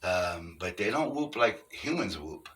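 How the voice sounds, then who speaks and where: A middle-aged man in an unscripted monologue, explaining things earnestly step by step in a halting way. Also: low voice, very animated, fairly bright tone, far from the mic. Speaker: vlogger on Sasquatch encounters.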